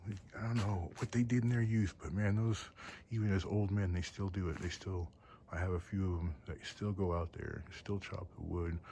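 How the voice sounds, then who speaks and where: The low, steady, dark-toned voice carries vocal fry and moves at normal speed over slight background noise. A storyteller and craftsman, he shares casual, chuckling, meandering stories while cold and shivering outside at night in the mountains.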